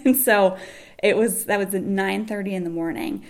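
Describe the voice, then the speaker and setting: A woman's voice: medium pitch, fairly even intonation, fairly quick, creaky, a little mellow. A young woman telling a personal story in a casual, chatty way, laughing often and acting out what people said.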